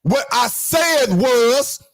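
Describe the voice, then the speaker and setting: A man's voice: very high voice, extremely slow, creaky, no echo. A man hosting a heated call-in podcast debate, sing-song and emphatic as he defends his words. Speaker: podcast host.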